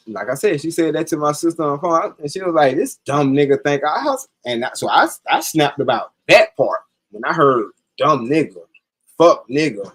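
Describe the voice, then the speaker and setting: Animated, profane man with a higher voice. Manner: profane, animated, acts out quoted dialogue. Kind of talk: casual storytelling on a live stream.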